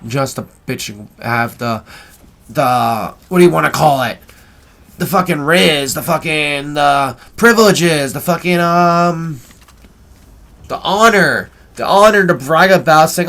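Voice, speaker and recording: Profane rambling man, slightly high voice. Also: animated, normal speed, a bit bright. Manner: rambling, profane, keeps asking "right?". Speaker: gaming video host. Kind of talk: casual storytelling over gameplay.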